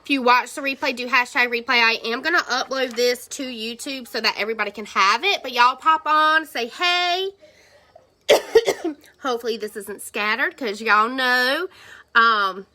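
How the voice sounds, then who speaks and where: Bright, rambling woman. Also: on the high side, moderate pace. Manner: rambling, circles around before reaching the point. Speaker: direct sales team leader. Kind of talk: casual livestream to her team. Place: at home, cartoons playing nearby.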